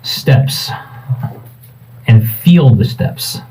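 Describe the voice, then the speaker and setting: Man game master, lively pitch, distant mic, faint hiss. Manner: halting descriptions with many fillers. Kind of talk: running a tabletop game.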